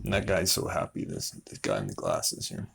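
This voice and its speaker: Rambling low-voiced man riffing on conspiracies. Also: big pitch swings, gravelly, a bit bright. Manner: meandering, filler-heavy, acts out others in quick put-on voices. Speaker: comedy show host. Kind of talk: rambling comedic conspiracy monologue.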